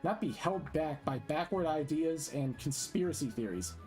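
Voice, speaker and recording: Tabitha Langley, a man doing a monotone scientist. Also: a little high, moderate pace, soft background music, lightly acted. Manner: precise, monotone. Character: flat, monotone female scientist candidate, precise.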